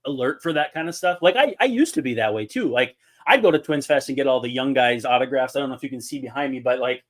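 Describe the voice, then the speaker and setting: A man's voice: medium pitch, quick pace. A man, co-hosting a casual chat and telling stories that act out quotes. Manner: animated storyteller, acts out quotes. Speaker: podcast co-host.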